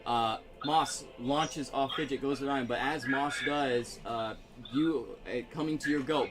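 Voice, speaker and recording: A man's voice: mid-range voice, background noise. A man running a tabletop role-playing game as game master, narrating casually with fillers and laughs. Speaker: dungeon master.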